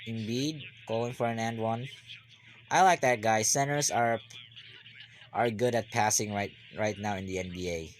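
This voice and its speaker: A man giving live basketball reaction commentary, rambling and repeating himself, then bursting into excited yells. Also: on the low side, moderate pace, a little hiss or hum.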